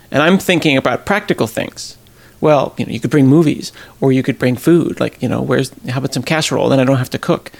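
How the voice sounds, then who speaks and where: A middle-aged man, a podcast host, telling a personal story in a casual, animated way and acting out the people he quotes. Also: a little high, normal speed, gravelly. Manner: animated, acts out quoted voices, laughs at himself.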